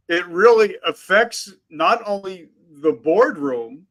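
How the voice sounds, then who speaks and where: A man hosting a podcast, talking in a relaxed, personal way as he leads the interview. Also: on the high side, rough recording. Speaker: podcast host. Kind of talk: conversational interview.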